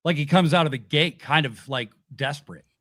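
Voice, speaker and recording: Male podcast host, casual and animated, slightly raised pitch, dry recording. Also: a little fast, no echo. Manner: animated, swears casually, acts out quotes. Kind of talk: casual wrestling review chat.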